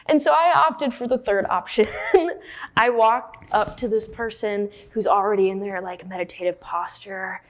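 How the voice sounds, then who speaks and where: A woman's voice: mid-range voice, a little slow. A woman giving a dharma talk, telling a personal story in a candid, self-deprecating way. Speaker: meditation teacher.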